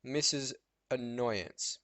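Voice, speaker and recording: Teenage boy, school rant vlog, animated storytelling, filler words, dry close mic. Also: mid-range voice, extremely slow, dry recording. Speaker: vlogger. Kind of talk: ranting monologue vlog.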